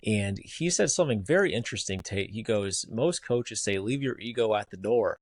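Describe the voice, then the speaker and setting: Male podcast host, mid-pitched, dry close sound, reflective. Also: animated, normal speed, no room sound. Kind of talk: casual interview.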